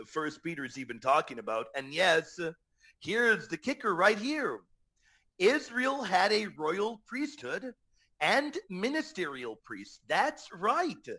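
Animated, bright-voiced male radio host. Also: high-pitched. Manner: energetic, emphatic, slangy shout-outs to listeners. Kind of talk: live Catholic apologetics radio talk.

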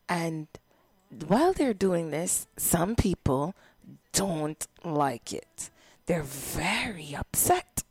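A woman telling a Bible story to children in a slow, expressive storytelling voice. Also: on the low side, dry recording.

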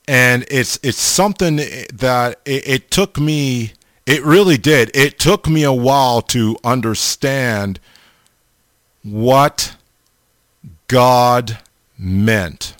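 A man preaching an informal sermon, slow and halting, often pausing and restarting as he addresses his listeners. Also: medium pitch, fairly bright tone, dry recording. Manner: slow, halting, repeats the audience name often.

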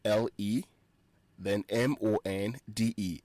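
A man's voice: on the low side, unhurried, mellow, no room sound. A man hosting a radio French lesson, repeating phrases and spelling words out letter by letter for listeners. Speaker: radio French teacher and show host.

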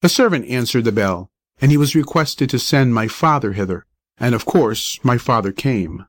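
A man narrates a story aloud at a measured pace with a middle pitch. The sound is dry and close. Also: expressive, dry recording. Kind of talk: audiobook narration.

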